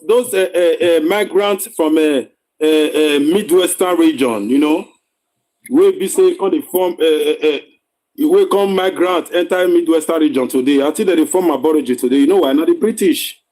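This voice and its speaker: A Nigerian man in casual discussion, talking haltingly with many "uh" fillers while he searches for words. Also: fairly high pitch, darkish tone.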